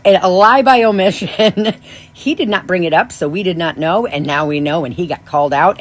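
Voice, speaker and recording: A woman in her thirties tells a story in an easygoing, casual way, and her voice sits a little low. She swears freely and keeps correcting herself mid-sentence. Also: low-quality recording. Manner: animated, swears freely, frequent self-corrections. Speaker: podcast host.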